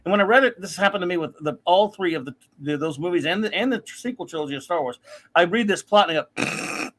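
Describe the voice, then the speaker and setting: A man's voice: sits high, expressive, quick pace, a bit bright. A man hosting a casual pop-culture chat, ranting animatedly and mocking other people's voices. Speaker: podcast host.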